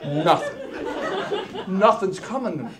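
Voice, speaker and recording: A man telling a comic story on stage as a keynote speaker, wisecracking and animated, dropping into hushed asides. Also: high-pitched, a little slow, a crowd in the background. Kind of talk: stand-up comedy storytelling. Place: stage before a live audience.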